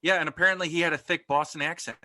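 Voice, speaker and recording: A man's voice: fairly high pitch, fairly even intonation, rapid-fire, sharp tone, no room sound. A man co-hosting a podcast, chatting casually with playful, jokey banter. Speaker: podcast co-host. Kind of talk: casual chat.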